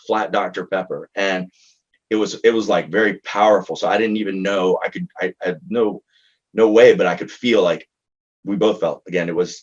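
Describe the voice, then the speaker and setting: A man, a psychologist, recounting a therapy case in conversation, in a halting, earnest way with frequent restarts. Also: lowish voice, breathy edge, muffled recording.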